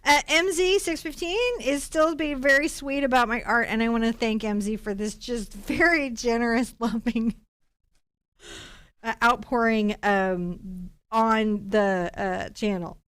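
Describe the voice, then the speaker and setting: A woman's voice: on the high side, a little slow, smooth, dry recording. Chatty American woman teaching painting. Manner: chatty, animated, warm asides to chat viewers. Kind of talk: chatty live-streamed painting lesson.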